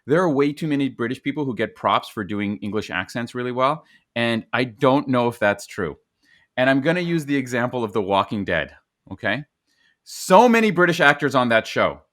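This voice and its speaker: A man hosting a casual podcast, talking in an animated, rambling, opinionated way. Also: mid-range voice, moderate pace. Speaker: podcast host.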